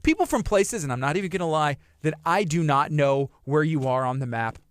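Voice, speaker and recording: A man's voice: fairly high pitch, expressive, a little fast, no room sound. A man from Texas hosting a live radio show in a studio, chatting upbeat and promoting events. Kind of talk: casual live radio chat.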